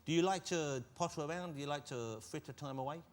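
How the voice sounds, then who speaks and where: A man hosting a chat show, teasing his guests with playful, quick jokes. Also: on the high side. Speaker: talk show host. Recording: studio with live audience laughter and noise.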